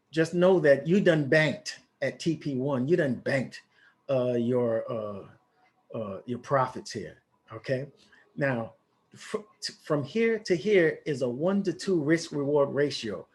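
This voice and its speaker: This man. He talks through a live trade in a loose, excitable way and keeps restarting his sentences. He sounds like a casual trading teacher talking straight to his viewers. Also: mid-range voice. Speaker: forex trading educator.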